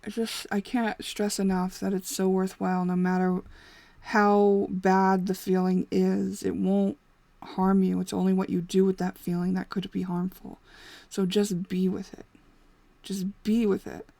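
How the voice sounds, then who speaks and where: Woman host, gravelly edge, mid pitch; candid, rambling advice, laughs often. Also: flat delivery, measured pace, dark tone, no room sound. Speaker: intuitive reading host. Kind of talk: casual spoken advice.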